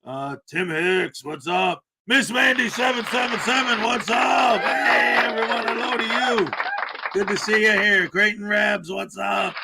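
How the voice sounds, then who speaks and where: His high voice is gravelly and unhurried, heard over a very noisy recording. He's a livestream host on a casual morning stream, joking around and calling out viewers by name in greeting.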